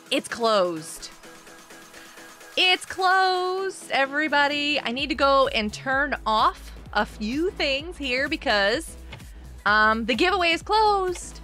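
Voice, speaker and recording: A woman hosting a casual gameplay live stream. She chats with viewers, greets them by name and breaks into excited outbursts. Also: high voice, slow, soft background music.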